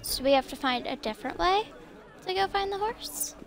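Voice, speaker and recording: A young woman talking casually to herself while playing a video game, chatty and quick to apologize and laugh. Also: extremely high pitch, animated, some chatter behind. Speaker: gameplay streamer.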